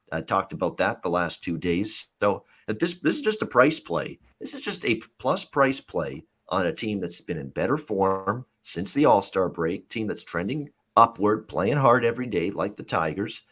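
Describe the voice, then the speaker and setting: A man with a fairly low voice hosts a live sports betting show. He talks loosely and rambles, with lots of "uh" fillers, and he reads viewer comments aloud. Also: a bit bright. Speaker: host.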